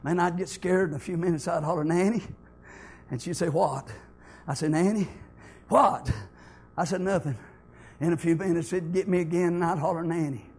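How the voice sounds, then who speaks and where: A male preacher, telling stories in a fervent sermon that builds to impassioned shouting. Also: fairly high pitch, steady tone, fast talker, husky.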